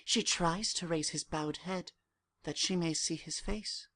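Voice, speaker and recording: A woman narrator calmly reading the stage directions of a play, in a measured voice. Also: on the low side.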